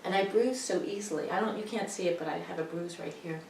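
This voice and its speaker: A woman's voice: lowish voice, quick pace, creaky, a little mellow. Older woman, casual video message, wry self-deprecating rambling, echoey room, faint background noise. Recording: roomy, distant mic, faint noise.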